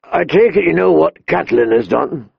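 A man voicing a gruff, hard-drinking middle-aged king who barks and roars his commands. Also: on the high side, animated, normal speed, dry recording, lo-fi sound, pitched above the performer's own voice, exaggerated voice. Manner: blustering, barking commands.

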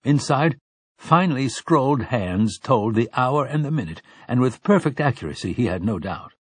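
A man narrating an audiobook in a steady, measured reading. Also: mid-range voice, slightly rough, dry recording. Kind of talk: scripted narration.

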